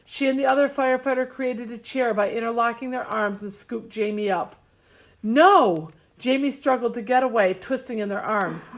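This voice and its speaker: A woman reads a storybook aloud with a measured, expressive delivery. Her voice sits a little higher than most women's. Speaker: audiobook narrator. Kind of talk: scripted narration.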